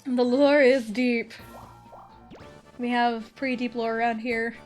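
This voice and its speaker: Giggly young woman streamer, high voice. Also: little pitch movement, slow pace, darkish tone. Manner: giggly, self-mocking. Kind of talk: casual gaming livestream chat. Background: faint game music.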